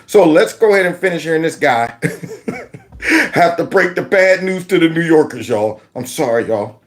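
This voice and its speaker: A man hosting an opinionated commentary vlog, mocking and animated, laughing often as he reacts to clips. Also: a little high, normal speed. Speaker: political commentary host.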